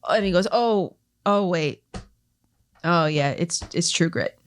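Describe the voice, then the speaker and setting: A woman's voice: fairly low pitch, slow, a little hiss or hum. A woman co-hosting a podcast, recapping competition matches in casual chat and reading out trivia questions. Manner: reads out match results and trivia questions, then chats loosely. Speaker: podcast co-host.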